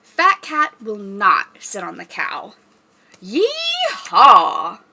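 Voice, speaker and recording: A young woman rehearsing a children's story time, reading aloud in an animated, sing-song teacher voice and making animal noises. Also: mid-range voice, takes it slowly, gravelly, slight background noise.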